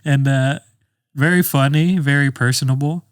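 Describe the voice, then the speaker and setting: A man co-hosting a podcast in an apartment, chatting in a laid-back, halting way. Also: mid-range voice, steady tone, clean tone, dry recording, clean studio sound. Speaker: podcast co-host. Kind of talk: casual chat.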